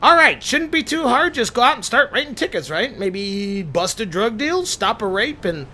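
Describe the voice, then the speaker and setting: A man's voice: very high-pitched, big pitch swings, moderate pace, bright, forceful tone, a little hiss or hum. A man giving a comedic game review as a YouTuber, sarcastic and exasperated.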